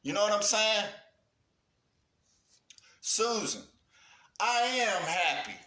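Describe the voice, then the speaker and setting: A man's voice: sits high, lively intonation, takes it slowly, sharp tone, echoey room. A man ranting on a livestream with profane urgency, calling out cowards and praising his viewers. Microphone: livestream setup.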